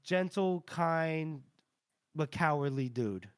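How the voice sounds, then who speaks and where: A man co-hosting a podcast in casual chat, rambling and animated with lots of fillers and restarts. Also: fairly high pitch, takes it slowly, clear, resonant tone, dry recording, clean studio sound. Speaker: podcast co-host.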